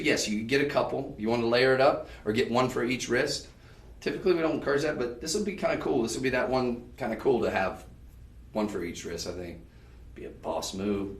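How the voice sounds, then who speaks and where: Upbeat male shopping-channel host, roomy sound. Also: medium pitch. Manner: upbeat, chatty, salesy, addresses viewers as ladies and folks. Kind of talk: live sales pitch. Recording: echoey room, voice from a distance.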